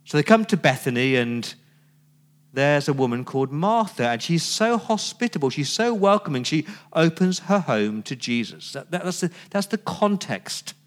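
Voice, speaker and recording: A man's voice: on the high side, lively intonation, moderate pace. Male pastor preaching. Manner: conversational storytelling, rhetorical questions. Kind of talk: sermon.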